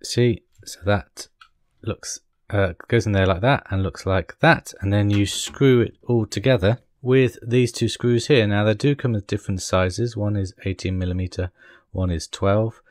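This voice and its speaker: A man's voice: on the low side, fairly even intonation, measured pace, no echo, clean studio sound. A man casually talking through a model kit build step by step, with chatty, apologetic asides as he works.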